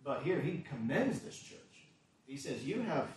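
Earnest preacher in an echoey church. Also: male voice, on the high side, very animated, a little slow. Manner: earnest, swings from quiet asides to forceful emphasis. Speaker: pastor. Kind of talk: sermon. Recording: echoey church hall, mic at a distance.

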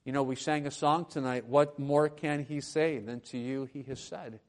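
This pastor's voice is medium in pitch, with a steady tone and a moderate pace. Standing at a church lectern, he delivers a sermon that swings from hushed, chatty asides to loud, forceful declarations.

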